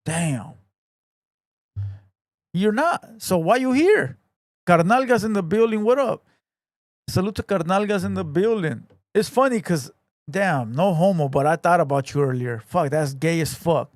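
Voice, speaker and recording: A man with a slightly high voice, talking in a blunt, swearing, laid-back street way. His sound is close and dry, with no room behind it. He chats casually as a stream host. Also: expressive, unhurried, dry recording. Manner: profane, blunt, laid-back street slang, calls everyone "fool". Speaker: podcast host reading viewer comments. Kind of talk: casual livestream chat.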